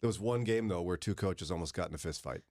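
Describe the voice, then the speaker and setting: A man's voice: sits low, fast talker, a little mellow. A man hosting a morning radio talk show, chatting casually and telling stories with dry, self-deprecating humor. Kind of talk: casual studio chat.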